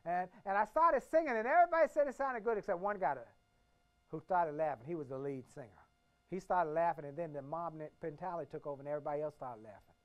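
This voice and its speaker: A motivational speaker in his fifties from the Washington, D.C. area delivers a keynote at a quick pace, telling stories emphatically and repeating phrases. His delivery swings from hushed to booming. The recording is muffled.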